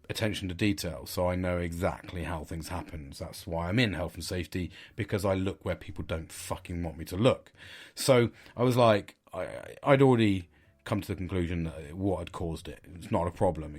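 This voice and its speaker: Middle-aged podcast host, lowish voice, frank and rambling monologue. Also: male voice, a little mellow. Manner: candid, sweary, rambling with restarts. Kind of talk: casual storytelling monologue.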